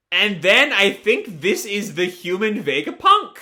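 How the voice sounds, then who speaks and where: A man's voice: sits high, wildly swooping pitch, a little slow, few pauses, sharp tone. A man casually recapping a comic chapter in a live reaction video, talking with many fillers and restarts. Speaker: video creator.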